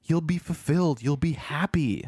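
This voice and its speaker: Animated man retelling a film. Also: fairly high pitch, moderate pace, slightly rough, no room sound, clean studio sound. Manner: animated retelling, acts out lines. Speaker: podcast co-host. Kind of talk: casual film review chat.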